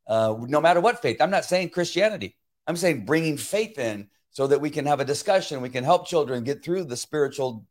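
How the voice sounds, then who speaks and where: A man hosts a casual livestream in a voice of middling pitch. He talks emphatically and repeats himself, with frequent fillers and restarts. When things go wrong, he mutters to himself as he tries to fix them. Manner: mutters to himself while fixing technical problems. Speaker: livestream political commentary host.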